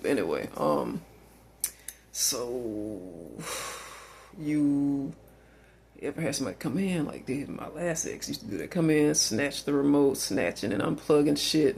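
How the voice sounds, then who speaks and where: A man's voice: mid-range voice, sing-song, moderate pace, vocal fry, slightly rough. A man telling a long rambling story in a casual monologue, swearing freely and filling gaps with "uh" and "like". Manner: rambling, profane, lots of fillers.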